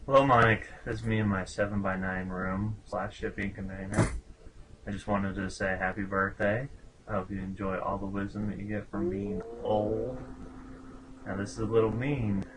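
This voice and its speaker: Low-voiced wry man, noisy room. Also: little pitch movement, moderate pace, fairly bright tone. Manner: wry, teasing, then earnest. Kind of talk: personal video message. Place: small room. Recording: audible background noise.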